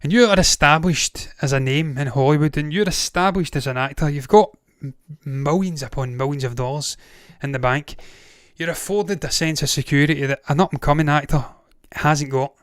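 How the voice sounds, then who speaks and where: A man's voice: a little high, moderate pace, hardly any pauses, no echo, clean studio sound. A Glaswegian-accented Scottish man hosting a movie news show, ranting casually with blunt swearing and frequent digressions. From Scotland. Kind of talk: casual opinionated commentary.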